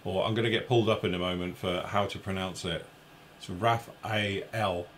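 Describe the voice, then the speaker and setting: A man's voice: deep voice, steady tone, fast talker, fairly bright tone, slight background noise. An English man co-hosting a live chat show, rambling and poking fun at himself. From England. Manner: rambling, self-mocking, reads viewer comments aloud. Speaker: show co-host.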